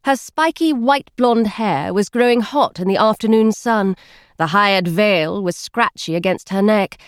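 A woman narrating an audiobook with expressive storytelling. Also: medium pitch, a little slow, clean tone, no room sound, studio quality.

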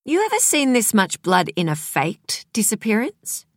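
A woman's voice: medium pitch, wildly swooping pitch, unhurried, no echo, clean studio sound, pitched above the performer's own voice. A woman reading an audiobook, voicing a female detective who asks direct, probing questions. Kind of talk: audiobook character voice.

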